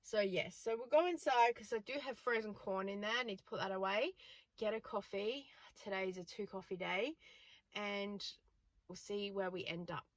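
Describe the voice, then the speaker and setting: A woman's voice: mid-range voice, normal speed, no room sound. An Australian woman in her forties, a chatty vlogger telling stories and laughing often. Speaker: frugal living vlogger. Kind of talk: casual vlog chat.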